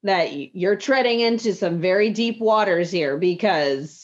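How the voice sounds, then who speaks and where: Slow talking woman cohost, agreeable, thinks out loud, kinda muffled lo-fi audio. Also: medium pitch. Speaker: podcast co-host. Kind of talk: casual chat. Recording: dull lo-fi sound.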